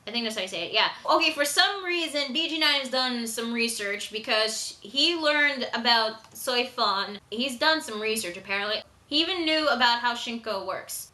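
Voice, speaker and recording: A woman's voice: high-pitched, moderate pace, pushed and bright. A woman giving a casual, chatty manga chapter review with sudden exclamatory outbursts. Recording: echoey room.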